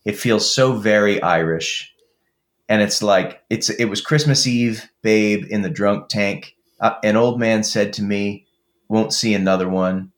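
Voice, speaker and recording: A man's voice: on the low side, unhurried. A man co-hosting a casual chat, talking with enthusiasm and rambling with lots of fillers. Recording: roomy echo.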